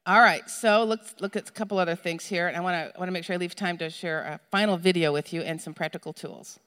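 Animated woman preaching in a reverberant hall. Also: fairly low pitch, quick pace, clean tone. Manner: animated storytelling, acts out shouting for a lost child. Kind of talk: sermon.

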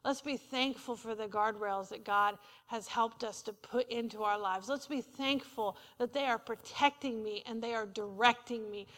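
Woman preacher, high voice, chatty and funny sermon, call-and-response, reverberant church hall. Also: normal speed, hardly any pauses, a bit bright. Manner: conversational, humorous, call-and-response. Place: church sanctuary.

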